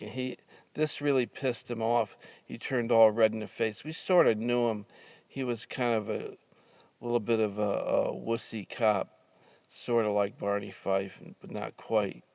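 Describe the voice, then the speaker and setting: An older man casually telling a story from his youth, halting with fillers and restarts, with a dry sense of humor. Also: lowish voice, steady tone, gravelly, darkish tone, dry recording.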